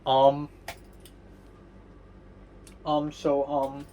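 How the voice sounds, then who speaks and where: A man's voice: mid-range voice, completely flat delivery, lo-fi sound, slight background noise. Rambling man in a vlog diary. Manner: rambling, halting with many fillers and restarts; candid and mildly sardonic. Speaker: vlogger. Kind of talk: casual spoken diary. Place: at home.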